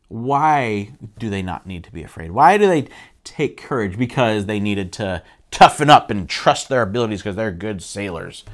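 Male pastor, casual sermon, lively animated pitch, chatty storytelling. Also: unhurried. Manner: animated, conversational, acts out quotes with jumps in pitch.

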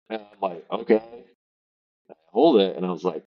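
Low-voiced rambling man on a call. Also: moderate pace, lo-fi sound. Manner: rambling storyteller with swearing and fillers. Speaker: podcast co-host. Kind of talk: casual chat. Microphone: remote call.

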